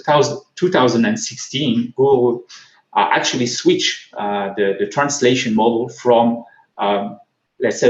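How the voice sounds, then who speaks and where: Male conference speaker, French accent, hesitant delivery full of fillers, mid-pitched, roomy and slightly dull recording. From France. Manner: halting, frequent repeats and fillers. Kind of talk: technical conference talk.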